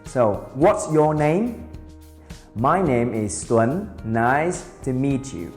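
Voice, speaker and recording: A man teaching beginner English, speaking slowly and carefully and repeating each phrase for drilling. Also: mid-range voice, lively intonation. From Vietnam. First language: Vietnamese. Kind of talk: beginner language lesson. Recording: roomy reverberant sound with soft guitar music.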